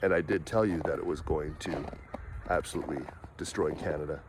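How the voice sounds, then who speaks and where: A man's voice: a bass voice, noisy background, pitched below the performer's own voice. A man doing a pompous droning politician. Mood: smug solemn. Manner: slow, solemn, self-important pronouncements. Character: pompous, droning middle-aged male politician. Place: outdoors in woods, walking.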